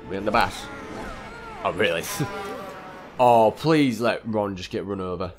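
A young man giving rambling, excitable commentary while playing a video game and talking to the characters on screen. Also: lowish voice, measured pace, over music. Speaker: gameplay commentator. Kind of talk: casual let's-play commentary.

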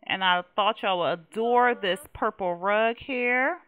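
Playing a life-simulation game for her stream, a young woman chats casually, laughs, and speaks to the characters in a Let's Play. Her voice is smooth and medium-pitched at a measured pace, and the audio is narrow and tinny.

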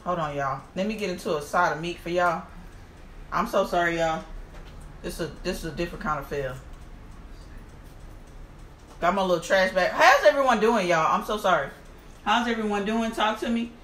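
A woman's voice: on the low side, moderate pace, pauses often, reverberant, slight background noise. A woman hosting a casual eating vlog, exclaiming and talking to her viewers as she eats. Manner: animated, exclaiming, addresses viewers as y'all. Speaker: mukbang host.

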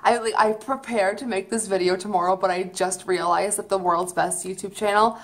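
A woman's voice: mid-range voice, fairly even intonation, moderate pace. A woman vlogging from a room at home, reacting to a performance with gushing exclamations and lots of "like" and "oh my god". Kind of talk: excited casual reaction vlog.

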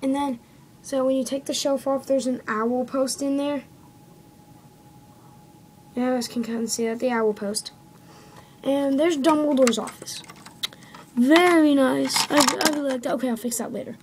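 In a high-pitched, steady, darkish voice at normal speed, a woman reviews a toy set show-and-tell style, pausing often, rambling casually, correcting herself and tacking on "okay?". It's a rough phone-camera recording made indoors at home, with slight background noise.

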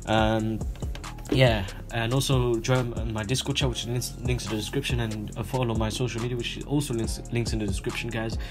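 A man's voice: mid-range voice, fairly even intonation, brisk. A young man introducing his gaming video in a rambling, profane way, full of fillers. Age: young adult. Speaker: gaming YouTuber. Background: music.

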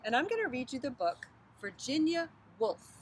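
A preschool teacher reading a picture book aloud outdoors on a bridge over a creek, with expressive storytelling. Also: female voice, high voice, moderate pace, slight background noise, rough recording.

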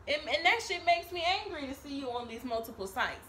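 A woman's voice: high-pitched, lively intonation, fairly quick, pushed and bright, slight background noise. A woman giving a casual tarot reading to camera, chatty and profane, laughing often and tagging her lines with "okay?". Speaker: tarot reader. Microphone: camera mic.

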